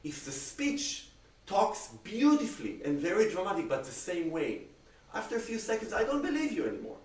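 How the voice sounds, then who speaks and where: Cello teacher, male, Israeli accent, lively explainer, recorded off-mic in an echoey room. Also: sits high, normal speed. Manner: animated, uses everyday comparisons and acted-out examples. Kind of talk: masterclass critique. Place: room on a video call. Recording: roomy sound, distant from the mic.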